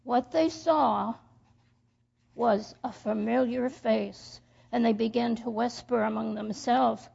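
A woman telling a children's story in church, reading slowly with slips and restarts. Her fairly high voice is full of gravelly fry. The recording is dull and lo-fi. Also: fairly even intonation, warm tone.

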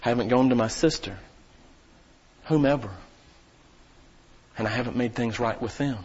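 A man preaching a sermon as pastor, folksy and talking straight to the congregation, his voice swelling at times into near-shouting. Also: mid-range voice, normal speed, slightly rough, highs cut off. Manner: preaching with sudden rises to shouting; folksy, addresses the congregation directly.

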